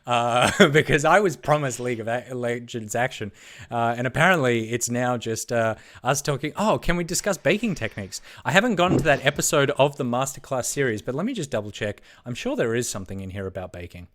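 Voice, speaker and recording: A man co-hosting a game broadcast, bantering casually. He teases his partner and rambles through stories with plenty of ums and uhs. His voice sits at an ordinary middle pitch. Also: lively intonation, a little fast, fairly bright tone. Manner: playful, teasing, rambling with many fillers. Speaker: esports broadcast co-host.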